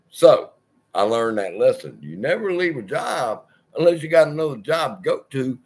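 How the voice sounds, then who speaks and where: A man's voice: medium pitch, sing-song, moderate pace, husky. A man hosting his own channel, telling a personal story in a rambling, profane, wry way. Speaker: channel host.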